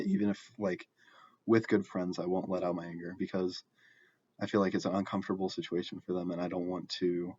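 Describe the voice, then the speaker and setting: Young man, lowish voice, halting and self-correcting, casual storytelling, dull lo-fi sound. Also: darkish tone, a little hiss or hum.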